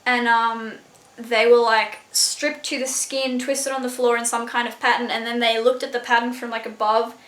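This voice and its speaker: Excitable young woman gushing about a book. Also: a little high, normal speed. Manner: excitable and gushing, peppered with "like" and swearing. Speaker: book reviewer. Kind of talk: casual book review vlog. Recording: echoey room.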